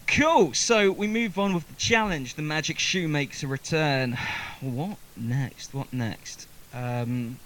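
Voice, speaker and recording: A man's voice: on the high side, slow, hardly any pauses, a bit bright, a little hiss or hum. A man hosting a music session, chatting in an upbeat, jokey way and laughing often. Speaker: host of a music session show. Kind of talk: casual hosting chat.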